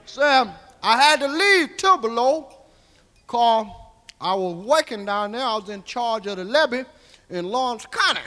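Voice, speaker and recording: Brief: a comedian voicing an old Southern country man spinning tall tales, bright high voice, live hall echo. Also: animated, unhurried, exaggerated voice. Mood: rambling. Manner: drawling, folksy, coarse, keeps asking "see?". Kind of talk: stand-up character monologue.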